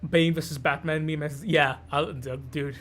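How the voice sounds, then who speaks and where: A man's voice: on the high side, fairly even intonation, moderate pace, fairly bright tone, a little hiss or hum. A man from Canada giving loose, sweary, rambling commentary while streaming a game. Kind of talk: casual gameplay commentary.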